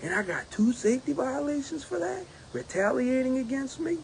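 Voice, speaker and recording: A man who is a union steward, giving a casual spoken report, animated and laughing often, mimicking others in a raised voice. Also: very high voice, normal speed, creaky, slight background noise.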